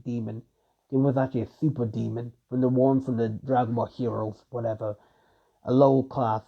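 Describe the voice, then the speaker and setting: Rambling young man improvising a story. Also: mid-range voice. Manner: rambling, heavy filler words, restarts. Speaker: fan storyteller. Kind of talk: improvised fan story narration. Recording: dull lo-fi recording.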